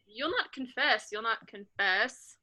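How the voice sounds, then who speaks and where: An eager young country gentleman, read by a woman in a slightly high, very bright and sharp voice. The playful, quick delivery keeps it sounding like a casual reading among friends. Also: lively intonation, heavily acted. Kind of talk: casual amateur play reading.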